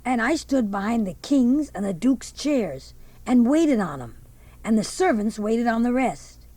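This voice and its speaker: A woman's voice: fairly high pitch, very animated, measured pace, warm tone, no echo. A woman voicing a young teenage boy, who narrates a radio drama in a plainspoken, folksy drawl.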